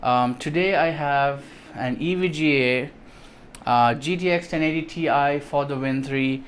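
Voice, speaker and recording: A man with a slightly high voice shows off new computer parts in loose, excited casual chat. He rambles, restarts his sentences and fills pauses with ums. There is a faint hum of room ambience behind him. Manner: enthusiastic, rambling, many fillers and restarts. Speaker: tech vlogger.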